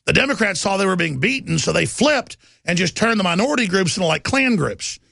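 A middle-aged man hosting a talk radio show, delivering an impassioned, rambling monologue that swings between loud bursts and low asides. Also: animated, brisk, vocal fry, dry recording, studio quality.

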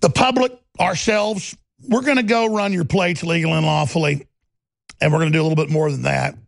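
Gravelly, ranting man. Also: a little high, fairly even intonation, fairly quick, dry recording. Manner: combative, ranting, sarcastic. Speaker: talk show host. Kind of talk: political commentary monologue.

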